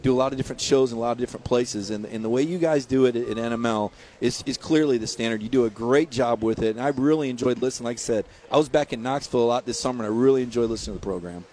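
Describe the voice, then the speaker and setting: A man as a guest on a sports radio show, talking in emphatic, rapid-fire rants with repeated words. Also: mid-range voice, darkish tone, slight background noise. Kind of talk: phone-in sports radio interview.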